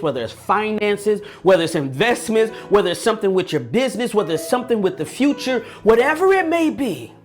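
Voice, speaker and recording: Man, motivational speaker, earnest preaching tone, repeats words, faint music underneath. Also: high-pitched. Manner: addresses listeners directly.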